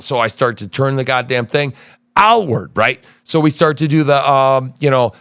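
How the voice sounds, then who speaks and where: A man's voice: mid-range voice, expressive, a little fast, a bit bright, clear, resonant tone, no room sound, clean studio sound. A man hosting a podcast from his home in the woods, telling a rambling, profane story in casual chat. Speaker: podcast host.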